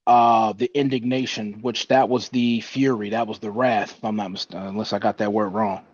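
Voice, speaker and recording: A man's voice: on the low side, flat delivery, moderate pace, a little mellow, dry recording. A man working through scripture in a casual Bible study. He hesitates and restarts, feeling his way toward each point. The sound is dull and dry, as if the recording has little room around it. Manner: hesitant, self-correcting, with fillers.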